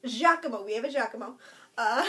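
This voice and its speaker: A woman co-hosting a podcast, telling family stories in casual, animated chat. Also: fairly high pitch. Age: adult with a young son. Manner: animated storyteller, quick laughs. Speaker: podcast co-host.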